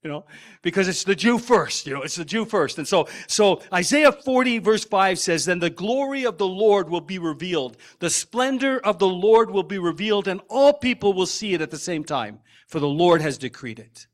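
A man with a fairly high voice preaches to his congregation in a church. He talks emphatically and circles back to repeat his key phrases. He turns to the people in the pews with friendly asides. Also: expressive, moderate pace. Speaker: pastor. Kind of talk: sermon. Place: church sanctuary.

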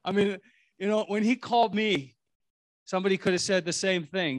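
A man's voice: sits high, moderate pace, dry recording, clean studio sound. A middle-aged man preaching a sermon in a rambling, conversational way, full of restarts and asides. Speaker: pastor.

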